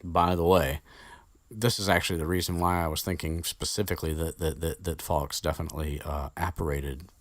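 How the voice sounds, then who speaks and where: A man's voice: sits low, fairly even intonation, fairly quick, no room sound. A man casually retelling a story as podcast host, rambling with swearing and many fillers, close to the mic.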